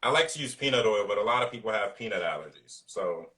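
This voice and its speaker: A man talking casually as a guest cook in a video-call interview, relaxed and loose, with lots of fillers. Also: on the low side, quick pace, far from the mic.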